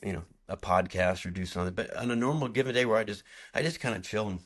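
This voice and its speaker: A man's voice: lowish voice, quick pace, fairly bright tone. A male comedian, a guest on a podcast, chatting casually in rambling stories and acting out other people's lines. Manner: rambling storyteller, acts out quoted voices. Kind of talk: casual interview chat.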